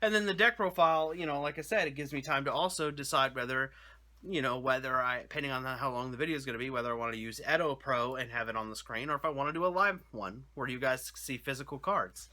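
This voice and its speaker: A man's voice: mid-range voice, fast talker, bright, forceful tone. A young adult man hosting his own channel, talking casually to his viewers in a rambling, jokey way with lots of restarts and "you know". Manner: rambling, self-correcting, chatty with frequent "you know". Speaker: YouTube channel host. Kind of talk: casual talk to camera.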